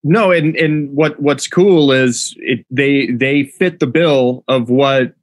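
A man's voice: medium pitch, takes it slowly, no room sound. Man, producer, mid-range voice, dry close sound, analytical podcast chat. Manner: analytical, reading out club data. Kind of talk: casual podcast discussion.

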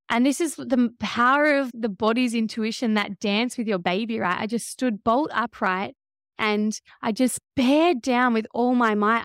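A woman in her thirties, a podcast guest, telling her story in an emotional, animated way. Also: high voice, clear, resonant tone, dry recording, studio quality. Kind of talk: conversational interview.

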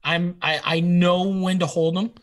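A man co-hosting a podcast who teases and needles his friend, calm and provocative. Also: sits high, measured pace. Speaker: podcast co-host. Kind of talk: casual podcast banter.

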